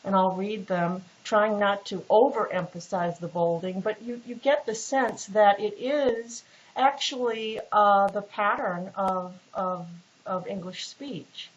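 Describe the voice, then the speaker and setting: A literature instructor, a woman, gives a recorded lecture that is casual and patient, full of fillers and restarts. Her voice is medium-pitched and fairly even, and she speaks slowly. The recording sounds dull and lo-fi with faint hiss.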